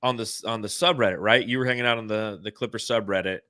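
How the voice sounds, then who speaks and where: A man's voice: lowish voice, steady tone, fast, bright, forceful tone, no echo, clean studio sound. A man hosting a casual sports podcast, joking around and sometimes slipping into a put-on cowboy drawl. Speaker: podcast host.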